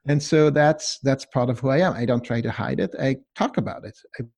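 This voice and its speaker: A man's voice: mid-range voice, brisk, a little mellow. A man with a hard-to-place mixed accent, a podcast guest in his home office, chatting casually and often asking "right?". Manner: conversational, says "right?" often.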